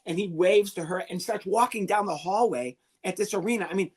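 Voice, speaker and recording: A man with a husky, slightly breathy voice, a comedian talking as a guest on an interview show. He tells a story with lots of energy, dropping into the voices of the people in it. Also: high-pitched, fairly quick. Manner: lively, animated, acts out the people he quotes.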